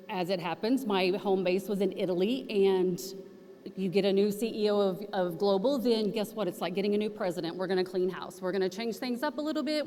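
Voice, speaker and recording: Recorded in an echoey hall, this featured speaker is a folksy Oklahoma woman with a mid-range voice. Her storytelling presentation is animated, with quotes she acts out herself.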